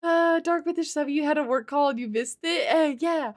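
A woman streaming a game live, excitable, gasping and swearing as she plays. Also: high voice, normal speed.

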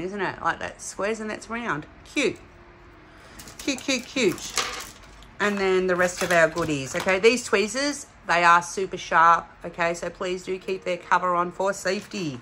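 A middle-aged woman from Australia chatting excitedly as she unboxes craft kits for her vlog. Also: mid-range voice, background noise. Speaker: craft vlogger. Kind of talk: casual unboxing chat.

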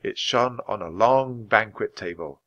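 A man reading a children's chapter book aloud at a natural, clear pace. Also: fairly low pitch, a little slow, fairly bright tone, muffled recording. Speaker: storybook reader.

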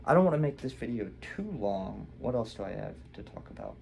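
A man's voice: on the low side, sing-song, fairly quick, vocal fry, darkish tone, slight background noise. Candid rambling young man vlogging. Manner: rambling and candid, with many fillers and restarts. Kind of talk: casual personal vlog.

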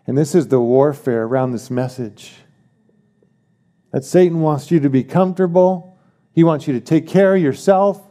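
A man's voice: on the high side, mellow. A man preaching a sermon as pastor, emphatic, repeating key phrases and asking the congregation questions.

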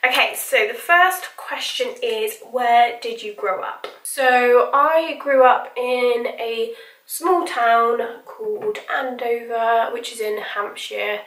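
A woman's voice: fairly high pitch, slow pace, a bit bright, echoey room, far from the mic. A woman in her twenties from England, chatting casually as she does her makeup on camera. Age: 20s. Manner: chatty, informal, with slang like "bloody hell" and "reckon". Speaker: makeup vlogger. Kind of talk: casual get-ready-with-me chat.

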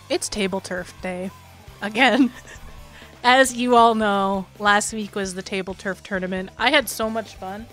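A woman's voice: medium pitch, a bit bright. Chatty streamer talking to her chat. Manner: chatty, rambling, quick laughs, addresses chat. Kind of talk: casual live-stream chat.

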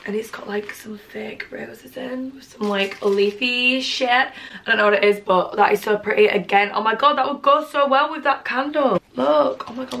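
A woman, gushing excitedly through a casual gift haul at home and swearing freely. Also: medium pitch, a little hiss or hum. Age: 20s. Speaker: vlogger.

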